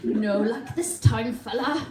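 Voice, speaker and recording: A woman voicing a reverent nature documentary narrator who marvels slowly at a wild creature, in a roomy live venue. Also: fairly high pitch, recorded from a distance, crowd noise. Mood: awed. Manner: slow, marveling delivery.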